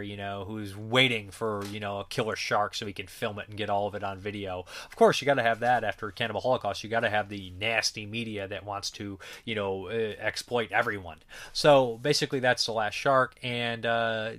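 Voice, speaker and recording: A man's voice: on the low side, a bit bright. A man reviewing films in a casual, rambling way, joking and swearing freely. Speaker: movie reviewer.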